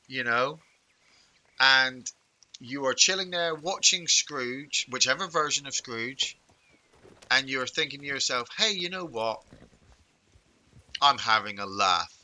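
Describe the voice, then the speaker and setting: Bright-voiced chatty man. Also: mid-range voice, rough recording. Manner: rambling, animated storytelling with chuckles. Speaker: streamer chatting with viewers while gaming. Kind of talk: casual live-stream chat.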